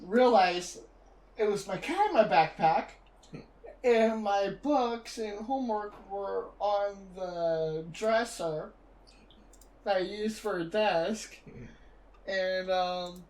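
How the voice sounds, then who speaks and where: A man's voice: high-pitched, slow, a little mellow. A young man hosting a gaming video, telling rambling stories in casual chat with plenty of filler words. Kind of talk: casual chat while playing.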